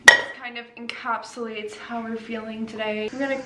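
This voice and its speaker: Tired unwell young mom, echoey and distant. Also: female voice, a little high, flat delivery, normal speed. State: unwell, just woke up. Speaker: vlogger mom. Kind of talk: casual home vlog chat. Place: family home, indoors. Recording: echoey room, mic at a distance, noisy.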